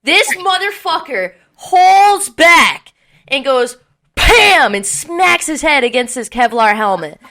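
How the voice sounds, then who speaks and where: Speaking in a high voice at a slow pace, a young woman co-hosting a podcast narrates a long party story in casual talk. She's a lively storyteller who swears freely and acts out what others said.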